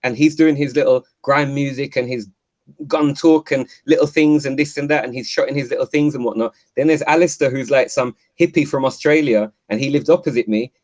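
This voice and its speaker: A man's voice: medium pitch, fairly quick, a little mellow, muffled recording. A man, calling in to a live show, telling rambling stories with lots of fillers and restarts. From London. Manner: chatty, rambling storyteller with many fillers and restarts. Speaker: caller. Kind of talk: casual chat. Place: home, call-in to live show. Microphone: video call.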